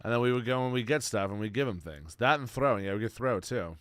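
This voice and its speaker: A young man streaming, chatting casually in a rambling, slang-heavy, excitable way. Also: medium pitch, quick pace, dry recording. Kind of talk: casual chat.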